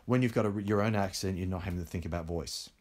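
A man with a low, darkish voice speaks fast as a film director in an interview. The talk is conversational, full of candid stories and frequent fillers.

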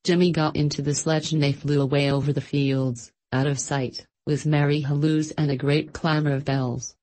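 Low-voiced woman reading a storybook. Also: little pitch movement, moderate pace, darkish tone, rough recording. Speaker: narrator.

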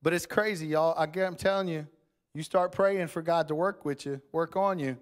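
A man's voice: on the high side, fairly even intonation, normal speed. A man preaching a sermon in church, talking conversationally to the congregation and closing in prayer. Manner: conversational Southern-style preaching, addresses crowd as y'all.

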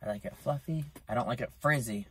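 A young man rambling through a casual vlog into his phone camera, chatty and self-mocking. His pitch sits in the middle of the male range but jumps up sharply when he gets excited. He sounds recorded close on a phone. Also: a little fast, a little hiss or hum. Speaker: vlogger. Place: in a car outside a store.

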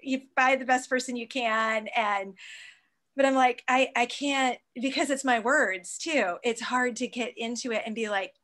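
A woman's voice: a little high, a little slow, a bit bright. A woman hosting a casual chat who agrees readily and reads out viewer questions. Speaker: host.

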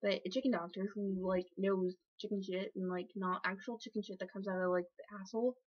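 A woman's voice: medium pitch, little pitch movement, fast talker, breathy edge. A woman vlogger rambling through an improvised story, full of fillers, self-corrections and swearing, on slightly dull lo-fi audio. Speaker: vlogger telling a made-up story.

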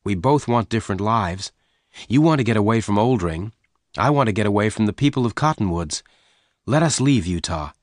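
Brief: a man playing a steady young cowboy, earnest and reassuring, low voice, lively delivery, storybook reading. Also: fairly quick, dry recording, studio quality, natural voice.

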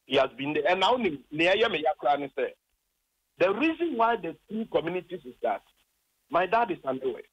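A man's voice: a little high, big pitch swings, fairly quick, breathy edge, dry recording, dull audio. A Ghanaian man, a former district chief executive, calls in to a radio program and complains at length, impassioned and indignant as he retells his arguments.

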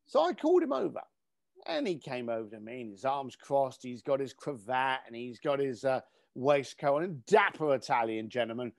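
Animated man telling a story. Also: mid-range voice, normal speed, no echo, clean studio sound. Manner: animated, emphatic, swears casually. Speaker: podcast guest, speaker and coach. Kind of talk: storytelling in a podcast interview.

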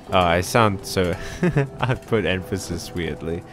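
A man casually commentating a game as he plays, reacting out loud and chatting to his viewers. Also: deep voice, unhurried, hardly any pauses, faint music behind. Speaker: game streamer. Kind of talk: casual let's-play commentary.

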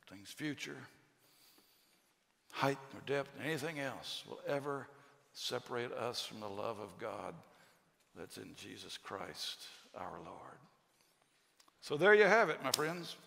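Middle-aged pastor preaching, gravelly voice, chatty storytelling, big reverb from the church hall. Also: male voice, medium pitch, fairly bright tone. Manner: storytelling, conversational asides and rhetorical questions. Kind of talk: sermon. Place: church sanctuary.

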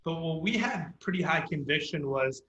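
A man telling a founding story in a casual interview, animated and full of filler words. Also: fairly high pitch, normal speed, reverberant, muffled recording. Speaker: startup founder guest.

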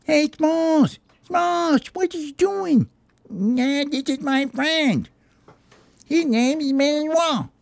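A shrill, panicky little parakeet. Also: male voice, slow, creaky, no echo, full character voice. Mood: excited. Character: frantic squeaky little parakeet. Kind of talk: toy play with voices.

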